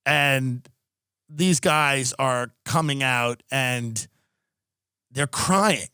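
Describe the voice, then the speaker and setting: A man's voice: mid-range voice, drawn-out words, sharp tone, clear, resonant tone, dry recording, studio quality. A male comedian and podcast host delivering a profane, sarcastic political rant.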